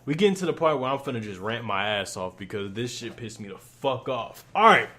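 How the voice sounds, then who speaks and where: Young male reviewer, mid-pitched, profane, exasperated ranting style. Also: expressive, a little fast, bright, forceful tone. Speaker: wrestling reviewer.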